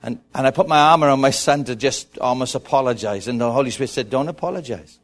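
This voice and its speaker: A middle-aged man preaching a sermon, telling stories with animated repetition. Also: medium pitch, quick pace. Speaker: pastor.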